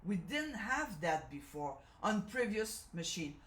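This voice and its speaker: A woman's voice: mid-range voice, very animated, measured pace, fairly bright tone, a little hiss or hum. A woman with a Canadian French accent, French her first language, demonstrating a sewing machine in a chatty, self-correcting way, often asking "okay?". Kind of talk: live product demonstration. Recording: echoey room.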